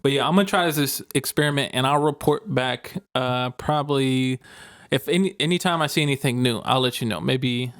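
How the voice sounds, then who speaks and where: A man's voice: medium pitch, brisk, fairly bright tone, clean tone, no echo. A man co-hosting a podcast in casual chat, laid-back and slangy, laughing often. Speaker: podcast co-host.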